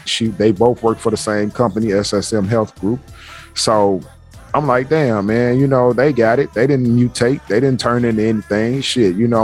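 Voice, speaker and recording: Man, middle-aged, casual storyteller, profane, laughing, mid-pitched voice, faint music behind. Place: basement home office.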